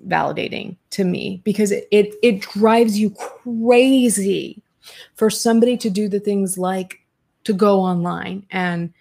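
A woman hosting a casual chat show, reading out viewer comments and reacting in a blunt, talkative way, often cursing. Her voice is mid-pitched with a gravelly, creaky edge, and she rushes through thoughts with many restarts. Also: mellow. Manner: blunt, swears, reads viewer comments aloud.

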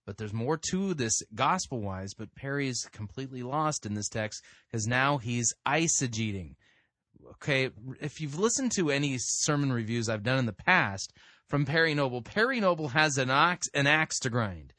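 A man's voice: mid-range voice, lively intonation, normal speed, bright, forceful tone, no echo, clean studio sound. A man hosting a sermon-review program, cutting in with blunt corrections and explaining the text. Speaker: podcast host reviewing sermons. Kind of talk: critical commentary.

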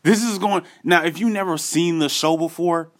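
A man telling a personal story in a casual, animated way, speaking straight to his viewers with slangy asides. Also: a little high, normal speed. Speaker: vlogger.

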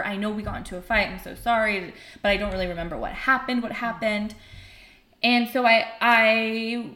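A woman recounts a painful personal story in a frank, conversational way. She is emotional and animated, and she briefly acts out the voices of other people. Her voice carries a roomy echo. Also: mid-range voice. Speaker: podcast guest telling her story.

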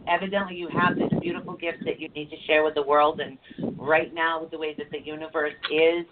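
A woman co-host speaks encouragingly and affectionately at a mid pitch. The line is tinny like a phone, with a faint hiss behind her. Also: steady tone, fairly quick. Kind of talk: call-in radio show chat.

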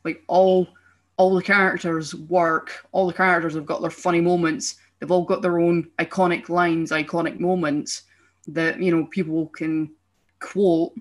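A young adult with a Scottish accent talks in a loose, animated podcast chat. The speech is mid-pitched and rambles with frequent restarts. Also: measured pace. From Scotland. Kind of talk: casual chat.

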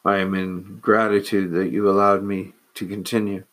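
A man reciting a devout woman's gentle prayer. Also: sits low, level tone. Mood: reverent. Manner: slow, reverent, soft. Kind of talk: quoted prayer.

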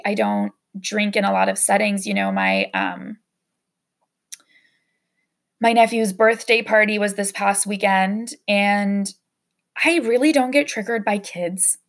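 Young woman podcaster, gravelly fry, open and emotional personal storytelling, casual swearing. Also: mid-range voice. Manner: candid, emotional, with frequent fillers and swearing. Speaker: podcast host.

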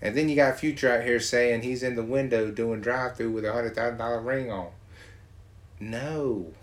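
A man from Georgia, talking in a profane, mocking, animated casual rant. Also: mid-range voice, moderate pace.

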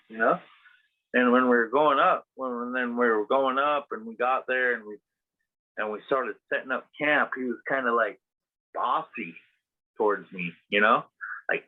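Over tinny, phone-like audio, a man on his podcast tells a meandering, casual story littered with fillers and swear words. He speaks at medium pitch and a moderate pace.

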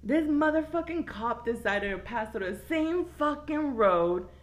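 A young woman, telling a crude story in casual chat, animated and laughing often. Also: fairly high pitch, measured pace. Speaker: storyteller guest.

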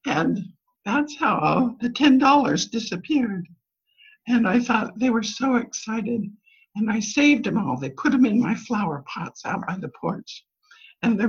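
An older woman, a grandmother, giving a church talk full of personal stories, told in a lively way and with the children's lines in a higher voice. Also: breathy edge. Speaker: church speaker. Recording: dull lo-fi recording.

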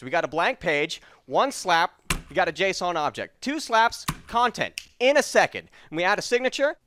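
A man voicing a pushy male infomercial pitchman with a New York accent, fast-talking sales patter, over background noise. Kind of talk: parody infomercial.

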